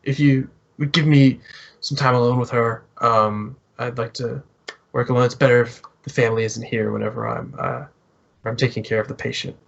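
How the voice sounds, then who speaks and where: A man voicing a small, thin, balding male doctor who speaks calmly and politely, with a measured bedside manner. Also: mid-range voice, creaky, lo-fi sound.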